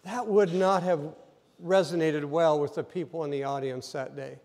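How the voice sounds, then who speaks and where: A man preaching a sermon as pastor, telling the story vividly and acting out scenes, sometimes rising to loud emphasis. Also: a little high, steady tone, moderate pace, long reverb tail. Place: church sanctuary.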